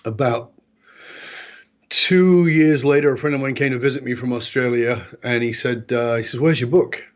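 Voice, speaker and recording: A man's voice: medium pitch, steady tone, moderate pace, highs cut off. A middle-aged man, a guest on an interview show, telling stories emphatically and acting out the dialogue of others. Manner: emphatic, storytelling, acts out quoted dialogue. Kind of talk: animated interview talk.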